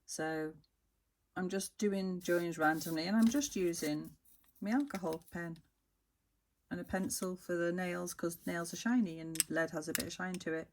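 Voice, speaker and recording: A woman's voice: fairly low pitch, normal speed, a little hiss or hum. Chatty woman gushing over her dolls. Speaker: dolls house hobby vlogger. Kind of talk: casual crafting vlog narration.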